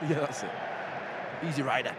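A man's voice: medium pitch, moderate pace. A man co-hosting a fan podcast at a football ground, teasing his co-host and reacting to the match. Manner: teasing, playful. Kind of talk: joking match-day banter. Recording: outdoor crowd and traffic noise.

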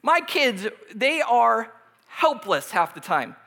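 A man's voice: very high-pitched, big pitch swings, slow pace, gravelly, sharp tone. A man in his thirties preaching a casual, humorous sermon, joking at his own expense and laughing often between points. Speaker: pastor.

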